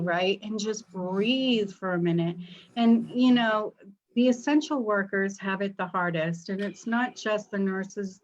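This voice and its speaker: A woman's voice: mid-range voice, muffled recording. A middle-aged woman hosting a live online panel, talking in an upbeat, chatty way about spiritual ideas. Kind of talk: casual panel talk.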